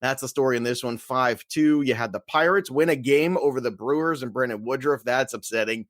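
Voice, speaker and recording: A man co-hosting a sports podcast in a loose, joking way. He laughs often and stays animated as he runs through the scores. His voice sits at a middle pitch and is recorded dry, with no room sound. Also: a little fast, no room sound. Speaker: podcast co-host. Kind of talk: casual sports podcast chat.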